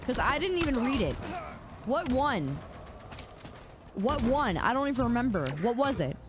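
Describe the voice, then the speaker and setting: Animated woman streamer, lively pitch. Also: moderate pace, noisy background. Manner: animated, teasing, talks to chat. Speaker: game streamer. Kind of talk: casual live-stream chat.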